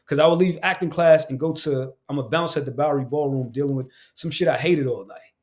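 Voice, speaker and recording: A man's voice: fairly high pitch, brisk, a little mellow. A man from Queens, an actor and voice actor talking as a guest on a casual podcast, candid and emphatic, with lots of slang and swearing. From Queens, New York.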